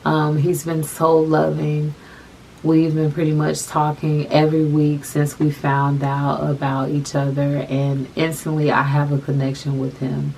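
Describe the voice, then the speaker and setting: A young adult woman telling a personal story to camera, soft-spoken and halting, often repeating her phrases. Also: sits low, monotone, a little hiss or hum, low-quality recording. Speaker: vlogger.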